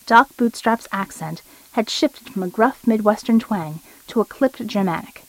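A woman reading an audiobook story in a steady, measured narration. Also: medium pitch, no echo, low-quality recording.

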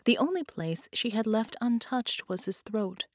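A woman narrating dark fiction in a measured, grave storytelling manner. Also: fairly high pitch, lively intonation, dry recording, studio quality. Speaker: audiobook narrator.

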